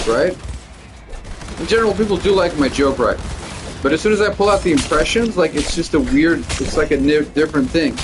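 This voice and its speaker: A man's voice: fairly high pitch, noisy background. A male stand-up comedian venting in a casual, rambling monologue, swearing freely and leaning heavily on "like". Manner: rambling, profane, lots of "like".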